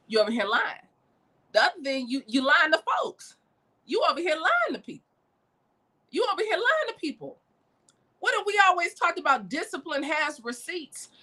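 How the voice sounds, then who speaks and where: A woman giving a preacherly motivational talk, calling listeners baby and swinging from shouts to hushed lines. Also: high-pitched. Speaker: motivational speaker.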